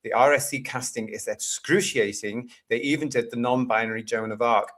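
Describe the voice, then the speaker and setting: A British man hosts a casual live stream, reading viewer comments aloud and adding exasperated, sarcastic asides. His voice is medium-pitched, steady, and fairly bright, and he speaks at a moderate pace.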